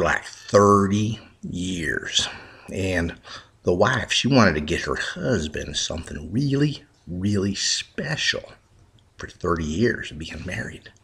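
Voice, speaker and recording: A man's voice: deep voice, bright, forceful tone, husky. A man telling a folksy joke in a rambling way, with frequent restarts. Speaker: joke teller.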